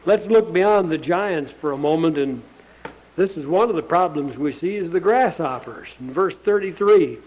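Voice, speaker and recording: A man's voice: on the high side, animated, normal speed, darkish tone, slight background noise, low-quality recording. A male pastor preaching a sermon in a plain, earnest, conversational way, often asking the listeners rhetorical questions.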